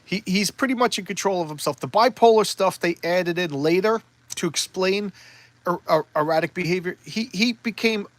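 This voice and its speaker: A man's voice: high voice, moderate pace, dry recording. A man reviewing old comic books in casual chat, talking eagerly and rambling with frequent restarts.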